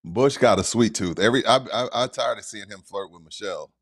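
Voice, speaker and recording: A man's voice: fairly low pitch, brisk, no echo. A man co-hosting a casual podcast from a sports bar studio, laid-back and tossing in teasing one-liners. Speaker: podcast co-host.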